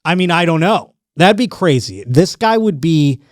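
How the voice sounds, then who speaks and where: A man hosting a podcast, telling a rambling, animated story in casual chat. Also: on the high side, normal speed, dry recording, clean studio sound. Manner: rambling, animated storytelling with restarts and quoted voices. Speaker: podcast host.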